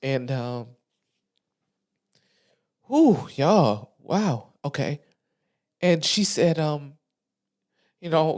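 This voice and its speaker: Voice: mid-range voice, lively intonation, drawn-out words, long pauses, a little mellow. Candid podcast host speaking from the heart. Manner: candid, emotional, colloquial with many restarts. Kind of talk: casual heartfelt monologue. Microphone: studio microphone.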